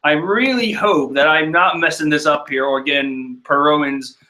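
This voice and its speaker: A man giving casual, animated commentary on a manga chapter, exclaiming and joking in disbelief. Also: fairly high pitch, normal speed. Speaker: manga reader and reviewer.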